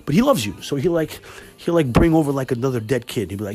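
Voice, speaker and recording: A man hosting his own podcast, talking casually and swearing a lot as he tells animated workplace stories, then giving cooking tips more calmly and quietly. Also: mid-range voice, fast talker. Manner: animated storytelling with lots of swearing. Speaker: podcast host. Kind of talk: casual monologue.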